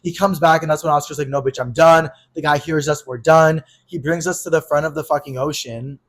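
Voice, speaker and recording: A young man co-hosting a podcast, casually telling a wild travel story, swearing freely and acting out the yelling in his quotes. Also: a little high, a little fast. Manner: animated, swearing, acts out yelled quotes. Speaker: podcast co-host.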